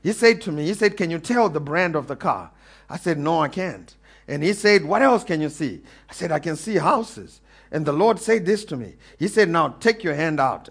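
A man preaching a sermon to a congregation, animated, calling for amens and building to emphatic peaks. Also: high voice. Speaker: pastor.

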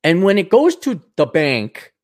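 A man's voice: high-pitched, wildly swooping pitch, a little slow, a little mellow, no room sound, clean studio sound. A man hosting his own talk show, ranting sarcastically and profanely, rambling with frequent restarts. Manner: sarcastic, profane, mocking voices. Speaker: podcast host.

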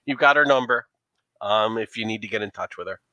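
Bright, dry-voiced male game master. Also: lowish voice, fairly quick, no room sound, dull audio. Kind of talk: narrating a tabletop game.

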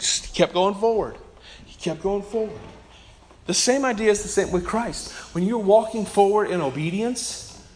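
A male pastor delivering a sermon, his voice pitched high for a man. He is emphatic and dynamic, swinging between ringing declarations and hushed, intimate asides. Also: slight background noise. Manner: emphatic, swinging from loud to soft.

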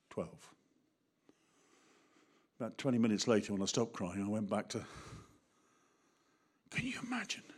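A middle-aged man with an English accent delivers a sermon in an ordinary, mid-range voice. He is animated and personal, addressing listeners by name and playing out short scenes in different voices. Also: mid-range voice. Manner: animated, acts out voices, talks directly to the congregation. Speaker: preacher.

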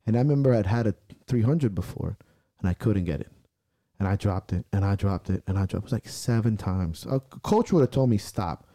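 A man's voice: fairly low pitch, brisk, no room sound, clean studio sound. A man telling a personal story in a casual podcast conversation, intense and profane, acting out the angry things he said to himself. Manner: intense, profane storytelling, acting out his own shouted self-talk. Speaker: strongman athlete and podcast guest.

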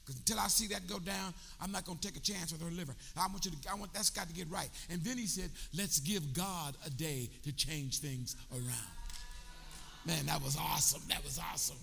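An older pastor preaches a sermon in a church sanctuary, urging his congregation to call back to him. His voice sits high and sounds creaky, pushed and bright, and he speaks fast with hardly any pauses. Soft music plays behind him, and the church hall gives a long reverb.

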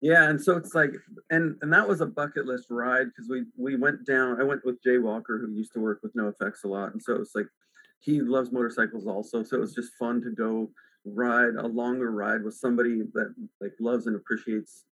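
A man hosting a podcast from home, chatting loosely and circling his points with a string of fillers. His voice is bright and forceful, in a dry, close recording with no room sound. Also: medium pitch, a little fast, no echo, rough recording. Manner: relaxed, rambling, many "like" fillers. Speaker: podcast host. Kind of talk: casual chat.

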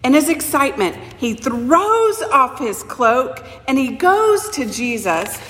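A woman preacher giving a sermon, telling the story slowly and expressively and voicing the people in it. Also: high voice, a little hiss or hum. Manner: slow, expressive storytelling with voiced quotes. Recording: echoey church hall with long reverb.

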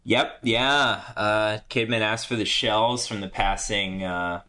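A man's voice: fairly low pitch, fairly even intonation, sharp tone. Chatty man rambling about film. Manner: chatty, rambling, quick to joke. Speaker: podcast co-host. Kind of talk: casual film discussion.

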